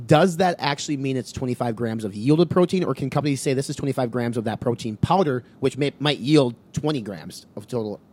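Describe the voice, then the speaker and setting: A man's voice: mid-range voice, brisk, hardly any pauses, darkish tone. A man co-hosting a podcast in casual chat, summarizing loosely and swearing now and then. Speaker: podcast co-host.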